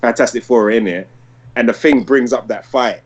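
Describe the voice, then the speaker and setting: A man in his thirties chats casually on a podcast, full of enthusiasm. He rambles and restarts often and leans on "like". His voice sits at an ordinary middle pitch. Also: a little fast, breathy edge, lo-fi sound. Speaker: podcast host. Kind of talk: casual podcast review chat.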